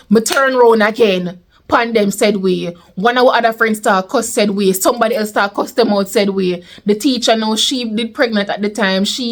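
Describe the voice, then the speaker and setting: A young woman with a Jamaican accent telling a storytime vlog in a lively way, slipping into patois. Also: mid-range voice. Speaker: vlogger. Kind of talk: casual storytime.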